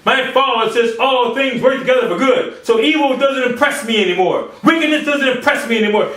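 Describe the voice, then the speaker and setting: Man preaching, high voice, echoey, distant mic, acts out quotes. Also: animated, moderate pace, few pauses, bright, forceful tone. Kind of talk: sermon.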